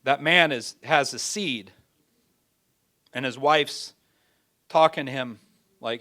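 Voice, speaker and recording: Brief: male preacher, sermon delivery, folksy talk, mid-pitched voice, builds loud then drops to a hush. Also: slow, pauses often. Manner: dramatic, swings from loud pleading to hushed; folksy everyday phrasing.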